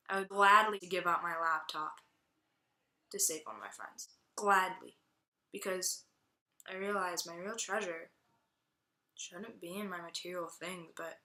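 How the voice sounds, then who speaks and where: Her voice is lowish with a sharp tone, and the recording carries a roomy echo. This young student shares a faith testimony in a chatty way, her speech packed with "like" fillers.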